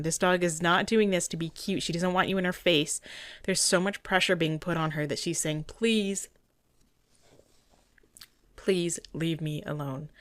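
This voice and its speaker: A woman's voice: on the low side, a bit bright, dry recording. A woman dog trainer giving earnest, indignant commentary over a training video, often restarting her sentences.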